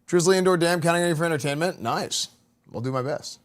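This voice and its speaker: A man's voice: a little high, fast talker. A man livestreaming, chatting loosely as he reacts to clips, rambling with lots of "like" and "dude". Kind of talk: casual chat.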